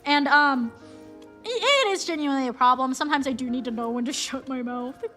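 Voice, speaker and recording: A woman's voice: sits high, lively intonation, a little fast, bright, forceful tone, faint music behind. A woman streamer giving chatty, rambling game commentary, poking fun at herself. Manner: chatty, rambling, self-mocking.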